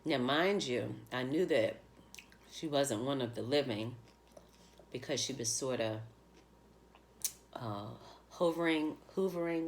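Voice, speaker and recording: A woman's voice: very deep voice, unhurried, slight background noise. A woman vlogger telling an emotional personal story, heartfelt and rambling, close to tears. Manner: heartfelt, rambling, with many fillers.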